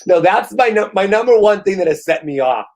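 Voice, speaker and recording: A man's voice: sits high, expressive, fairly quick, darkish tone, poor audio. A middle-aged man co-hosting a podcast, ranting in a casual, profane and exasperated way while worn out after a shot. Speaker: podcast co-host. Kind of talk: casual chat.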